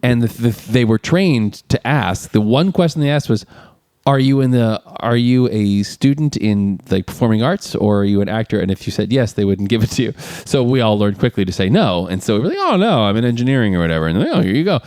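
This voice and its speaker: A man in his forties co-hosting a casual podcast, telling stories with animated energy and frequent laughter. His voice sits at a middling pitch. It is recorded dry and close. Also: a little fast, no room sound. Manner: animated storyteller, laughs often. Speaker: podcast co-host. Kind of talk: casual chat.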